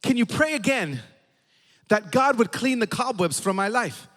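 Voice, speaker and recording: A man voicing a very old, crying woman who pleads slowly at a church service. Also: a little high, expressive, a bit bright, in a large hall, pitched above the performer's own voice. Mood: pleading. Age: older. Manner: slow, pleading.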